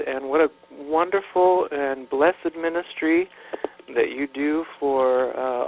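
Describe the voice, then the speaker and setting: A man speaking as a guest minister in a radio interview, earnest and hesitant, with many fillers and restarts. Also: on the high side. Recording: tinny phone line with mains hum.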